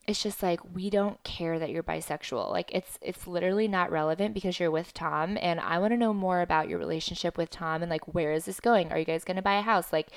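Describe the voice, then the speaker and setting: Young woman podcaster ranting about reality tv, swears a lot, lowish voice, smooth and dry. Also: no echo. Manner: chatty, profane, rapid asides with "like". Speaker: podcast host. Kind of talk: casual reality TV recap monologue.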